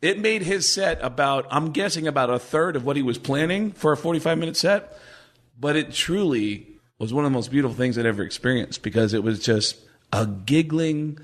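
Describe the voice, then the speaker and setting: Animated man telling comedy stories. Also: fairly high pitch, brisk. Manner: animated, acts out other people's voices. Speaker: podcast guest, comedian. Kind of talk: storytelling in casual conversation.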